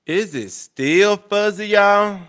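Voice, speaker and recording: This young host's voice sits high, with a clear, resonant tone and a slow delivery. Chatting casually on his livestream, he gets loud and exasperated, swearing bluntly at technical glitches.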